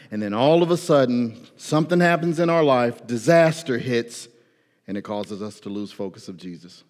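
A man preaching a sermon in a casual, animated way, with slang and acted-out prayers. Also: mid-range voice. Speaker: pastor. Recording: long hall reverb.

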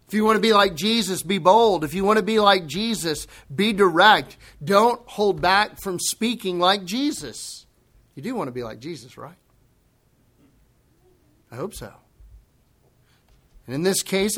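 A man preaching a sermon, emphatic, dropping low and quiet, then rising into loud, forceful bursts. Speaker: pastor.

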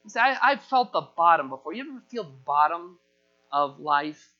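A man preaching a sermon as pastor, animated and acting out the voices he quotes. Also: a little high, normal speed, highs cut off, soft background music.

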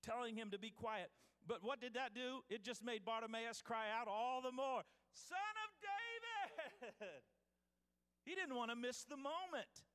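A man's voice: very high voice, steady tone, normal speed, fairly bright tone, smooth, in a large hall. A man preaching a sermon as pastor, reading scripture aloud with restarts and calling out to his congregation.

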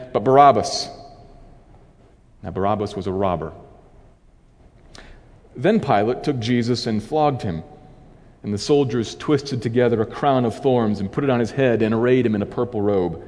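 A man preacher reading a scripture passage aloud and then explaining it as a sermon, in a measured, dramatic voice. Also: medium pitch, a little mellow, long reverb tail.

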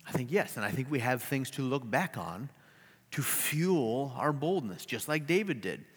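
Animated man preaching in an echoing hall. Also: medium pitch, normal speed, breathy edge. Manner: animated storytelling with joking asides. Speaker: pastor. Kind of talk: sermon.

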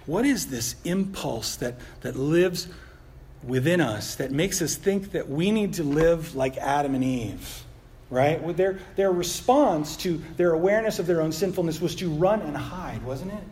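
Animated man preaching a conversational sermon. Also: fairly high pitch, measured pace, slight background noise. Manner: conversational, animated preaching with frequent rhetorical "right?"; self-deprecating humor. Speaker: pastor.

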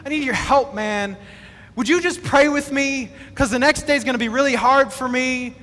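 A man's voice: extremely high pitch, normal speed, pushed and bright, long reverb tail. A man preacher acting out an earnest grown man pleading with a friend, in a heartfelt, urgent way.

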